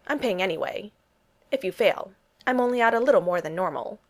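A woman's voice: medium pitch, animated, fairly quick, close to an everyday voice. A woman voicing a flippant, wealthy male joker who talks sarcastically and breezily in a storybook reading. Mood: breezy.

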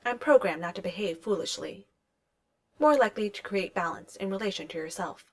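A woman's voice: mid-range voice, animated, a little fast, close to an everyday voice. A woman reading the lines of a polite, dry-witted male household AI butler in a fan fiction audiobook, formal and deferential.

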